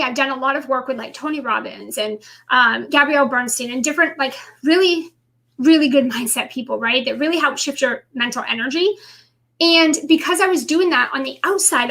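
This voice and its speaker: A woman's voice: high-pitched, gravelly, fairly bright tone. A woman business coach talking on a live stream, chatty and full of "like" and "right?", often asking her viewers questions. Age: adult with children. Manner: chatty, asks the audience, many "like" and "right?".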